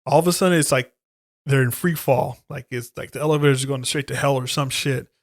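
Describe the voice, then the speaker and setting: A man's voice: medium pitch, a little fast, no echo, studio quality. A man on a podcast retelling a horror movie plot in casual chat, swearing a lot and acting out the characters' lines. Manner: animated storytelling, heavy swearing, acts out lines. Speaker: podcast co-host.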